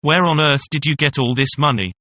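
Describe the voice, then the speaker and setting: A man reading the lines of a gruff, hot-tempered male peasant in a storybook. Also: on the high side, brisk, bright, forceful tone, no room sound. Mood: eager. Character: rough angry male peasant horse trader.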